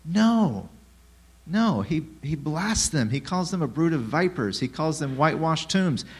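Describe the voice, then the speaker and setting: A man preaching a sermon who asks the listeners rhetorical questions, drops in sarcastic asides and swings between hushed and loud delivery. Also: fairly high pitch, moderate pace, breathy edge. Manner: rhetorical questions, lively shifts in loudness.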